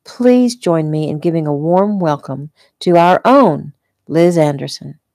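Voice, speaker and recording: A woman reading the part of a glamorous, confident club owner with a smooth, breezy way of talking. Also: sits low, lively intonation, measured pace, mellow, dry recording, clean studio sound. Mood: announcing.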